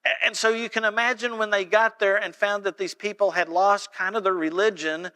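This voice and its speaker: A man preaching a sermon in a church, telling stories and reading scripture aloud with animated delivery. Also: high-pitched, fairly quick, smooth. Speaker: pastor. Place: church sanctuary.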